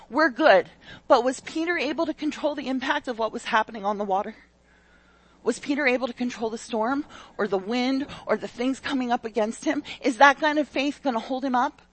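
Woman preacher, animated, talks straight to her listeners, fairly high voice, loud bursts, soft readings. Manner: conversational, addresses listeners directly. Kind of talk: sermon.

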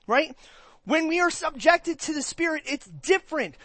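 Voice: high voice, dry recording. A pastor preaching a conversational sermon to a church, asking the congregation questions and acting out their reactions. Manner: animated, acts out listeners' reactions in quick put-on voices.

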